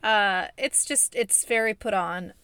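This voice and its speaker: A woman hosting a casual movie review podcast, chatty and expressive, talking in a put-on Midwestern accent. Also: medium pitch, measured pace, clear, resonant tone, no echo. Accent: fake Midwestern. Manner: expressive, chatty, laughs often. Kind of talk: casual chat.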